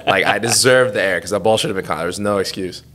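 A man's voice: on the low side, fast talker, pushed and bright. A young man in his twenties, co-hosting a podcast, telling a rambling, self-deprecating story in a casual chat and laughing through it. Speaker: podcast co-host.

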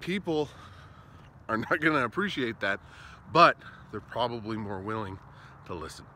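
A man giving casual advice while out on a walk, talking in an animated way that swings between loud emphasis and soft, slow asides. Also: medium pitch. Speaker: vlogger. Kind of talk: walking vlog, casual advice talk. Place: outdoors on a walk, street traffic nearby. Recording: faint outdoor street noise.

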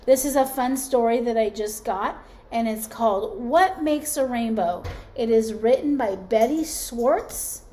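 A woman's voice: on the high side, dark tone. A woman preschool teacher leading circle time and reading aloud to young children in an encouraging way. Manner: slow, encouraging, talks to children as friends.

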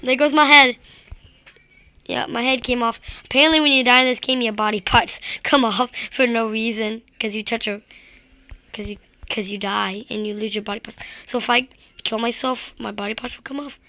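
A woman's voice: on the high side, fairly even intonation, normal speed, pushed and bright, no room sound. A woman giving rambling, self-deprecating gameplay commentary straight to her viewers. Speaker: gaming video creator.

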